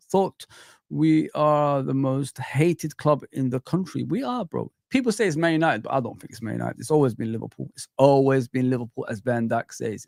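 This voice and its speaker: A man hosting a fan live stream, chatting casually, repeating himself and shouting out viewers by name. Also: medium pitch, gravelly, no echo, studio quality. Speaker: fan channel host. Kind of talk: live-stream chat reading comments.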